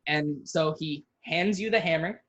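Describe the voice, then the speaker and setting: A young adult game master narrating a tabletop game, halting and restarting often. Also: mid-range voice, fairly bright tone, lo-fi sound.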